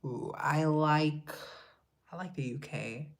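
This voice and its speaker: A man's voice: a little high, slow pace. A man on a casual live stream, reading chat aloud and answering, now and then dropping into whispered asides.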